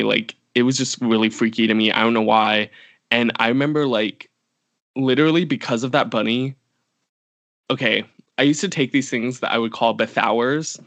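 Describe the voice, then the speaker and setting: A man's voice: medium pitch, creaky, a bit bright, dry recording. A young man co-hosting a podcast, telling a long story in casual chat with lots of fillers and restarts. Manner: rambling, many fillers and restarts. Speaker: podcast co-host.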